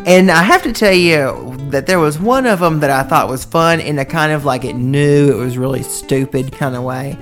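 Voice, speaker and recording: A man co-hosting an improvised comedy sketch with melodramatic, profane outbursts. His pitch leaps around wildly. Music plays clearly beneath him. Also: expressive, moderate pace. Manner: dramatic, swearing, swings between yelling and muttering. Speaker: comedy podcast co-host in character.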